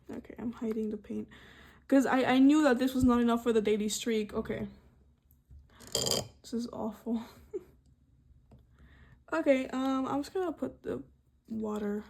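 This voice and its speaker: A young woman in her twenties, an art student, chatting casually in soft ASMR style while painting, rambling to herself with lots of fillers. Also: a little high, fairly even intonation, measured pace, pauses often. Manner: rambling soft-spoken self-talk with frequent fillers.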